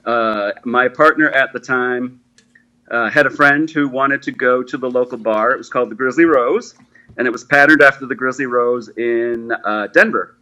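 A man's voice: mid-range voice, normal speed, bright, forceful tone, muffled recording. A man in his forties, a guest telling his story in a chatty, self-deprecating way, laughing easily. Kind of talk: casual interview storytelling.

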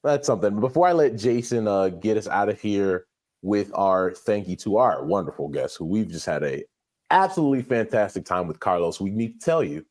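A man's voice: on the low side, lively intonation, fairly quick, a little mellow. A man co-hosting a sports podcast in casual chat, with an easygoing, upbeat manner. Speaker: podcast co-host.

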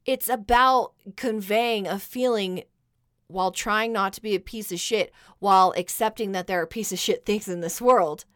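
A woman's voice: mid-range voice, moderate pace, a bit bright, no echo, studio quality. A woman co-hosting a podcast, chiming in casually with agreement and her own opinions. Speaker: podcast co-host. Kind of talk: casual chat.

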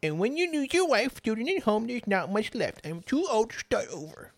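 A man's voice: high-pitched, very animated, normal speed, dry recording, pitched above the performer's own voice. A man putting on the voice of a whiny, self-pitying grown man who sounds like a little boy. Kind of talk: podcast impression.

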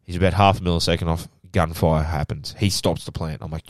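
A young Australian man with a very low voice tells stories in a loose podcast chat. He is animated and swears constantly. The sound is dry and close. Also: fast, few pauses, dry recording. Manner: animated storytelling, heavy swearing. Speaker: podcast co-host. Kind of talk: casual chat.

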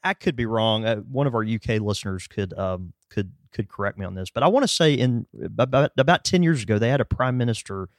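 A man's voice: fairly low pitch, animated, a little fast, hardly any pauses, no echo, clean studio sound. A man hosting a podcast, explaining at length in a casual, rambling way full of fillers. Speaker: podcast host.

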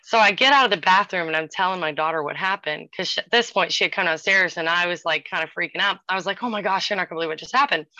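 A woman in her forties casually telling a ghost story, animated and acting out the voices of the people in it. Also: lowish voice, fast talker, hardly any pauses, no room sound. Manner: animated, acts out quoted voices. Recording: dull lo-fi sound.

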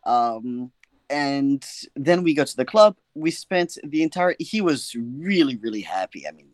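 A young man telling a funny personal story in a casual, animated, self-mocking way, often checking in with his listener. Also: medium pitch, a little slow, dry recording. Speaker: guest storyteller.

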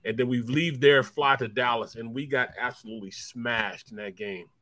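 A man's voice: medium pitch, fairly even intonation, moderate pace, pushed and bright. A man who used to play football, co-hosting a sports talk show and telling long rambling stories with lots of repeats. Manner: rambling storyteller, repeats himself. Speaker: co-host, former football player.

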